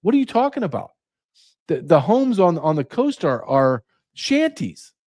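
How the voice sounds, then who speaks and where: A man's voice: fairly high pitch, very animated, a little slow, a little mellow. A middle-aged American man hosting his own show, ranting with sarcasm and piling up rhetorical questions. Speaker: podcast host. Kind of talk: ranting monologue.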